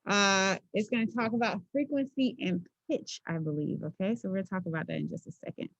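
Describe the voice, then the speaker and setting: A woman physics teacher giving a relaxed classroom lecture, playful and chatty, often checking in with her students. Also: medium pitch, brisk, vocal fry, dry recording, highs cut off.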